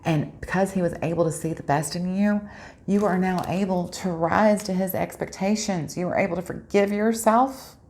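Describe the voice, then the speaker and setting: A woman's voice: fairly low pitch, gravelly, a little mellow. A woman giving a spiritual tarot reading, talking earnestly and a bit preachily straight to her viewers. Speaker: tarot reader.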